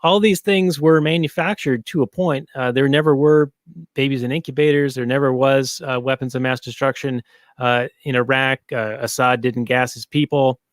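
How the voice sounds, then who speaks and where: A man's voice: mid-range voice, steady tone, moderate pace, dry recording. Rambling man in casual chat. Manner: rambling, filler-heavy, many restarts. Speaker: podcast co-host. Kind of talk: casual movie review chat.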